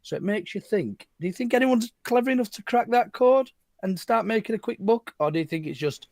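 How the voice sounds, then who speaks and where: A man's voice: high voice, lively intonation, vocal fry, a little mellow, dry recording, clean studio sound. A man hosting a casual football podcast, chatty and teasing. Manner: chatty, teasing, quick to laugh. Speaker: podcast host.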